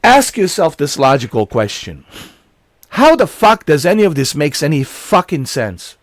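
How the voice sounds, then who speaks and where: Angry gaming-channel ranter, male, wildly swinging pitch, dry close sound, profane outbursts. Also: big pitch swings, moderate pace, no room sound. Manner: profane, shouting in bursts. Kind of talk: angry rant commentary.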